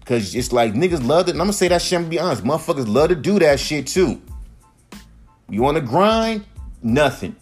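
A man in his thirties, a podcast host, ranting in a casual monologue that is profane, heated and animated. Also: a little high, brisk, husky, faint music behind. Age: 30s.

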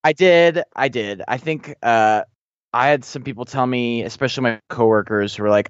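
A man's voice: mid-range voice, normal speed, clean tone, no echo, dull audio. A man in his thirties, a podcast co-host, chatting casually and telling rambling parenting stories with many restarts. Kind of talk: casual chat.

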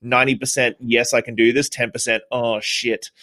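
A man's voice: medium pitch, level tone, moderate pace, bright, forceful tone, dry recording. A man hosting a live-streamed interview, asking long, rambling questions with many restarts. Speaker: interviewer, host.

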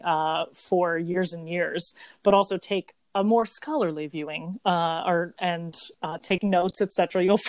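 A woman's voice: fairly low pitch, dry recording. A woman in her thirties, co-hosting a podcast, chatting at length in a rambling, think-aloud way. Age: 30s. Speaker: podcast co-host. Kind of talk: casual chat.

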